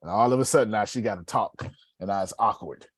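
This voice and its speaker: A middle-aged man coaching a sales class, animated and preachy, tossing questions to the room. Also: on the low side, fast, dry recording. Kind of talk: live coaching session.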